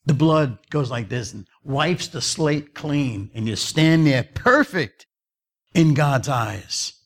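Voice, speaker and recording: A male preacher delivering an evangelistic sermon, mid-pitched and emphatic. He repeats his points for weight and shifts his voice up and down as he drives them home. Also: lively intonation, slow.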